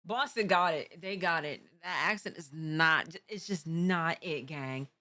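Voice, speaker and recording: A woman streaming a reaction video, chatting casually with lots of slang and quick reactions. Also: sits low, sharp tone. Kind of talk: casual chat.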